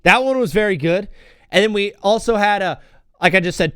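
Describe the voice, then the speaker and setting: A man's voice: high-pitched, fairly quick, fairly bright tone, smooth, no echo, clean studio sound. A young man hosting a casual solo talk show, rambling through stories and chanting old cheers in a sing-song. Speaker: podcast host.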